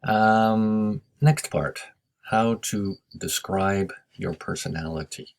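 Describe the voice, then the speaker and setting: A man's voice: fairly low pitch, vocal fry. A man teaching English, patiently going over class notes and giving Japanese translations. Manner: slow, patient explaining with Japanese glosses. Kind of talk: recorded lesson review.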